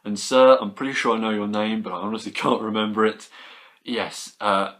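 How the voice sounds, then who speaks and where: A young British man chatting casually about his toy haul, enthusiastic and rambling, with quick asides. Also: fairly low pitch, steady tone, a bit bright. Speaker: toy collector vlogger. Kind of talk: casual chat.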